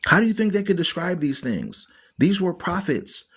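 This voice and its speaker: A man's voice: high voice, very animated, normal speed, fairly bright tone, slightly rough. A man hosting an online Bible radio show, teaching scripture in an emphatic, preachy way and repeating phrases for stress. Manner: preachy, argues with viewers.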